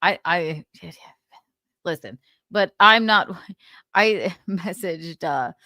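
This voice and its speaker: A young woman hosts a livestream in an easy, rambling chat, often giggling and trailing off mid-thought. She speaks slowly in a fairly low voice, recorded dry and close. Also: animated, sharp tone, no echo. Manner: giggly, rambling, loses her words. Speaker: livestream host. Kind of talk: casual chat reading viewer comments.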